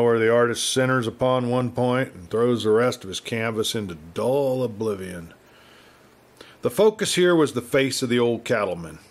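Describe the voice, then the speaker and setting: A man narrating a western novel as a storyteller, measured and unhurried. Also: mid-range voice.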